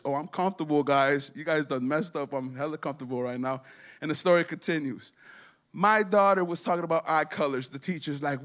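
A man doing a stand-up comedy set, rambling and profane, slipping into quick voices for other people. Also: on the high side, sharp tone. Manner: does quick voices for his daughter and others.

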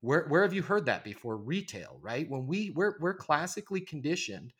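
A man's voice: fairly high pitch, sing-song, normal speed, fairly bright tone, breathy edge. A man in his forties, a sales trainer speaking as a podcast guest, talking emphatically and persuasively and often tagging "right?". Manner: emphatic, persuasive, frequent "right?" tag questions. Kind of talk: conversational podcast interview.

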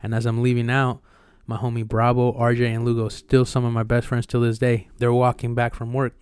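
A young man, a podcast co-host, telling a personal story in a profane, animated way. His voice is smooth and clear, held fairly level in pitch, and the sound is dry and close to the mic. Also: fairly quick, dry recording. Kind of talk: casual storytelling chat.

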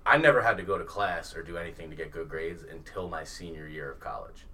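A man co-hosting a casual podcast chat, animated and profane, often laughing. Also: deep voice, fast, a little hiss or hum. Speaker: podcast co-host. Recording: distant mic with faint ambience.

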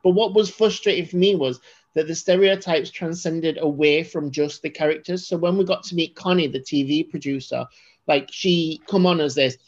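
A woman's voice: low-pitched, moderate pace. Chatty woman reviewing a film. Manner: animated, rambling, frequent restarts. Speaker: podcast co-host. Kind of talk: casual film review chat. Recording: slightly dull lo-fi audio.

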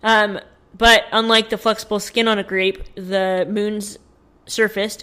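A woman's voice: mid-range voice, flat delivery, measured pace, sharp tone, clean tone. A woman co-hosting a casual podcast, sharing news stories in a chatty way with plenty of fillers. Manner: chatty, reads from notes with fillers. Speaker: podcast co-host.

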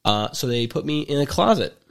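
A man's voice: medium pitch, very animated, brisk, vocal fry, clean tone. A man in his twenties telling a story in casual chat, rambling with many fillers and restarts, and wry and jokey in his delivery. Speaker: podcast storyteller.

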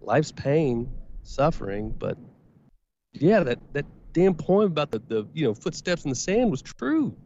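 A man's voice: a little high, big pitch swings, unhurried, dark tone. A man talking as a podcast guest in casual chat, candid and rambling, with frequent swearing. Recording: slightly dull audio with faint noise.

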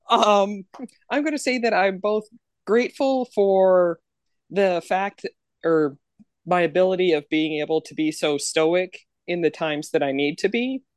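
A woman's voice: fairly low pitch, slow, dry recording, clean studio sound. A woman co-hosting a podcast in casual chat, joking about herself and laughing often. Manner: jokey, laughs often, self-deprecating. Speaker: podcast co-host.

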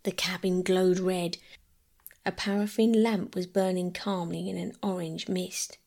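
A woman storyteller reading a classic children's novel aloud as a calm bedtime story. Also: lowish voice, a little slow, gravelly.

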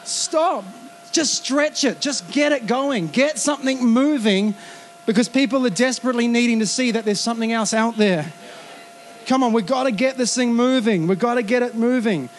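A man preaching a sermon in a lively, conversational way, acting out quoted asides. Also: extremely high pitch, moderate pace. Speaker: pastor.

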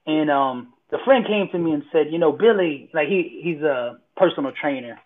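A man's voice: on the high side, normal speed. A man, a motivational speaker, telling a story from his life in casual conversation, repeating words and acting out what people said. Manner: animated storyteller, repeats words, acts out quotes loudly. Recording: tinny phone-like line.

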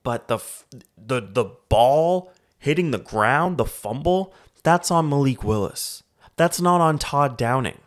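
A man's voice: medium pitch, animated, a little slow. A man from Canada hosting a solo sports podcast, ranting in a heated, profane way about football. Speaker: podcast host.

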